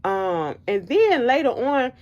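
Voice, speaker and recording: A woman vlogger telling a story in casual chat, animated and emphatic, repeating her points bluntly. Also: on the high side, slow pace, highs cut off.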